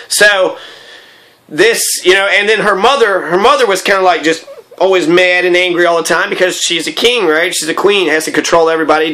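A man's voice: high-pitched, steady tone, a little fast, sharp tone. A man in an angry, profane, rambling personal monologue.

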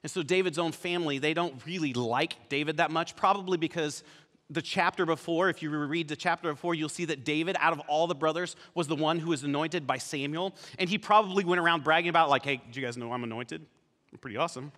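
A male pastor delivers a sermon like a relaxed story, animated and conversational. His voice sits high and bright. The church hall adds a long reverb. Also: brisk. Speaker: campus pastor. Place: church sanctuary.

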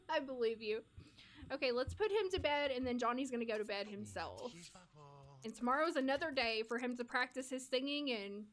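American woman, game streamer, high lively voice, chatty and laugh-prone. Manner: giggly, chatty, reads and answers chat. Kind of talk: casual live-stream commentary.

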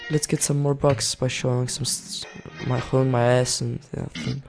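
A young man giving excitable casual commentary while playing a game, reading its text aloud and yelling at enemies. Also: medium pitch, normal speed, creaky, music in the background. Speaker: gaming YouTuber.

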